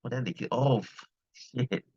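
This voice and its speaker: A man's voice: mid-range voice, moderate pace, darkish tone, husky, lo-fi sound. A science teacher from Selangor with a Malaysian English accent, chatting casually with his class, repeating himself and checking in with "right?". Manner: chatty, repeats phrases, keeps asking "right?". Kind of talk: casual class talk with students.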